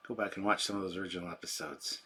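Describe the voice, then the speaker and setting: A man hosts a casual livestream, chatty and rambling as he answers his chat. His voice is deep and husky yet bright and forceful. A sensitive microphone picks him up close. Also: little pitch movement, very fast. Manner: rambling, chatty, self-deprecating. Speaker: livestream host. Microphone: sensitive desk microphone.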